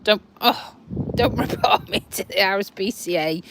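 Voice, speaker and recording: This is a middle-aged woman with a medium-pitched, fairly bright voice and a bit of background noise. Originally from Lincolnshire, England, she has a South Yorkshire twang and chats on a livestream from her back garden, slow and rambling, sighing as she talks to viewers' comments.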